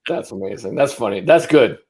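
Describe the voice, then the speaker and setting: A man's voice: on the low side, lively intonation, a little fast, darkish tone, breathy edge. A man who hosts a podcast interview, answering with brief, encouraging reactions and asking questions. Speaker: podcast host. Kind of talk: casual interview.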